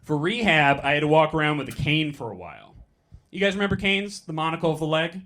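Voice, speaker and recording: A young man doing stand-up on a comedy club stage, talking into a handheld mic and delivering quick, deadpan punchlines. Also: on the high side, a little hiss or hum. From San Francisco. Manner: deadpan, quick punchlines, mock voices for bits.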